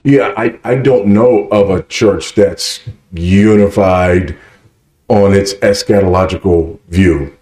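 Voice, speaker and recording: A low-pitched man answers questions at a conference, pressing his points hard and tagging them with quick checks for agreement. His voice rings through an echoey hall. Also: mellow. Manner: emphatic, checks understanding with repeated "right?". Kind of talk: Q&A teaching.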